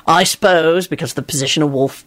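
Woman doing Remus Lupin, a deadpan werewolf. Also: low-pitched, fast. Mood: dry. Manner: deadpan, bored, crude swearing. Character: young adult male werewolf, dry and blunt.

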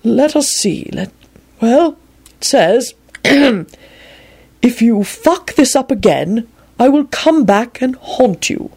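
A woman voicing a kindly, absent-minded old wizard who talks slowly and rambles mildly. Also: on the high side, lively intonation, a little mellow, breathy edge, pitched above the performer's own voice, exaggerated voice. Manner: slow, rambling, mild.

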